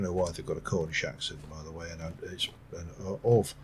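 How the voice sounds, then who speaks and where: Low-voiced man musing over gameplay. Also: little pitch movement, fast, few pauses, darkish tone, a little hiss or hum. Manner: rambling, musing aloud, dry asides. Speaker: gameplay commentator. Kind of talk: let's play commentary.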